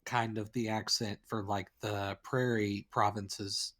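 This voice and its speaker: A man's voice: fairly low pitch, flat delivery, slow, fairly bright tone. A man from the American Midwest chatting casually on a podcast, peppering his talk with "like". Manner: chatty, lots of "like". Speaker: podcast guest. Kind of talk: casual chat.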